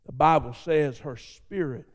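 A man's voice: on the high side, a little slow. A man preaching a sermon in a church, telling the story dramatically and fervently in a colloquial way. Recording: long reverb of a large hall.

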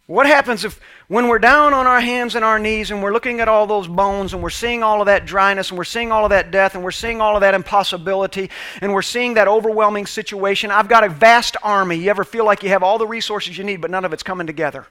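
A man preaching with fervor, his voice pitched high and ringing bright. He rises into loud calls, then drops to quiet asides. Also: fairly even intonation, fast. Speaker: pastor. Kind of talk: sermon.

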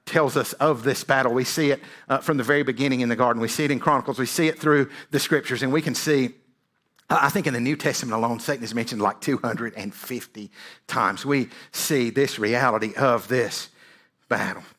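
A male pastor delivering a sermon at an ordinary, middle pitch. He preaches in a conversational way, checking in with "right?" and stumbling over repeated words as he builds each point. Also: fairly quick, fairly bright tone.

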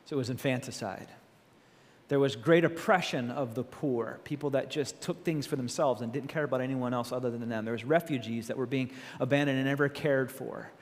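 A man preaching a sermon as a pastor, animated and full of rhetorical questions. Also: mid-range voice, brisk, in a large hall.

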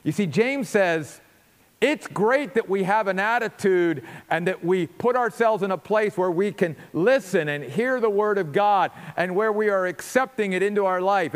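A man's voice: sits high, big-room sound. A man preaching a sermon as pastor, earnest and emphatic, repeating words as he builds each point.

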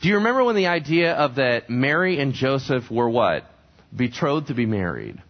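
A man's voice: medium pitch, sing-song, normal speed. Guy pastor giving a chatty sermon, voice jumps all over, kinda muffled lo-fi sound. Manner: conversational, asks the congregation questions. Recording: dull lo-fi recording.

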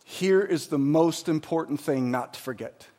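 At normal speed, a male pastor with a strikingly high voice preaches, shifting between steady teaching and fervent emphasis. He regularly poses rhetorical questions to his congregation.

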